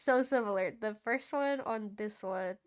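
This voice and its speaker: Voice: mid-range voice, measured pace, clean tone. A VTuber chatting casually on a game stream, playful and giggly, laughing often between remarks.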